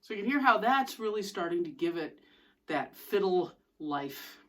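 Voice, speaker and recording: A woman's voice: lowish voice, animated, normal speed, a bit bright, soft background music. A woman fiddle teacher explaining bowing techniques step by step in an instructional lesson, with fiddle playing between her explanations.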